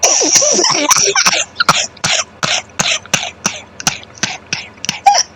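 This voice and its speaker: A listener reacting to a story with excited, teasing interjections. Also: very high-pitched, extremely slow, slight background noise. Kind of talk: casual chat reactions.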